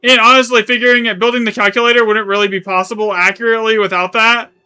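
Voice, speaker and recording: A man's voice: high-pitched, little pitch movement, fast talker, bright, forceful tone, clear, resonant tone, soft background music. A man streaming a game live, chatting casually in a rambling way, correcting himself as he goes and swearing now and then. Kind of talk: live gaming stream chat.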